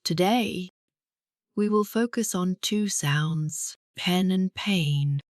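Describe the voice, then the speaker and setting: A woman teaches an English speaking lesson at a very slow, deliberate pace, with a slightly low voice. She sounds encouraging and leaves pauses for repetition, recorded as a close, dry voice-over. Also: dry recording.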